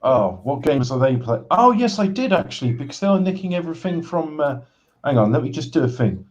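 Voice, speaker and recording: A man hosts a casual livestream game show. He talks in halting bursts, full of restarts, and slips in deadpan sarcastic jokes. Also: fairly high pitch, muffled recording.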